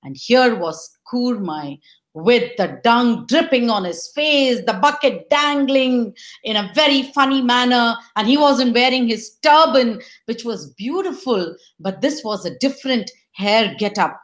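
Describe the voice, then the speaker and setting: A woman telling a folktale in an expressive, dramatic manner. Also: on the high side, a little slow. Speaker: storyteller. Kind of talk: oral storytelling.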